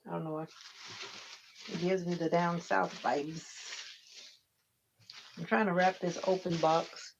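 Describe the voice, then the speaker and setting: Husky-toned woman chatting on a livestream. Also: lowish voice, little pitch movement, slow pace, long pauses. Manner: chatty, greets viewers by name. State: slightly stuffy, sounding like a cold. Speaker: livestream host. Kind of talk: casual live chat with viewers. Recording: dull lo-fi stream audio with faint noise.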